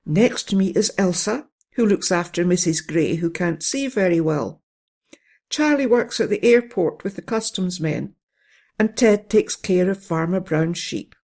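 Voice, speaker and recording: A storyteller voicing a big, kind male German shepherd who calmly explains things to a puppy in a bedtime story. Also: medium pitch, unhurried, creaky. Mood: explaining. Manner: calm, fatherly, explaining.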